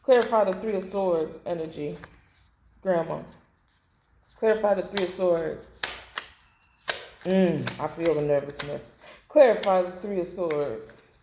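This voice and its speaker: A woman's voice: fairly low pitch, unhurried, pauses often, noisy background. A woman doing a blunt, emotional tarot reading to camera, repeating phrases and swearing. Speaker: tarot reader. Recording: echoey room.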